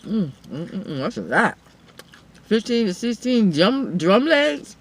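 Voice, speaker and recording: A woman's voice: medium pitch, very animated, unhurried, a little hiss or hum. A woman hosting an eating show, chatting casually and directly to her viewers between bites. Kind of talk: casual mukbang chat to viewers.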